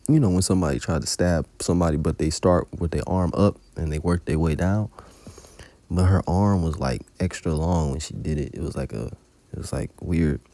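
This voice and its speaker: A man's voice: sits low, dark tone, no echo. A man giving an informal religious testimony, telling a dream in colloquial, profanity-laced storytelling. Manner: colloquial storytelling with heavy cursing. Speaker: religious teacher recounting a dream.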